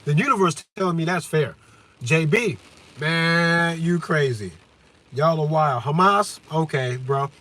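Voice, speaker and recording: A high-pitched man holds a fervent, profane rant on a livestream. He stumbles through halting fillers, sinks into low musing and then bursts into loud shouting. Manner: heavy hesitation fillers.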